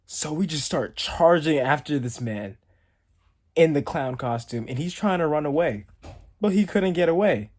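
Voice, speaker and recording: A man's voice: fairly high pitch, expressive, moderate pace, a little mellow. A young man telling a story casually to camera, rambling and saying "like" often. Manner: rambling, heavy use of "like". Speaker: storytime vlogger.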